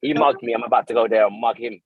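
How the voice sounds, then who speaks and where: A man from boasting loudly in casual podcast banter, full of slang. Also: medium pitch, quick pace, slightly rough, no echo, phone-quality sound. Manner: brash and boastful, mixes in slang.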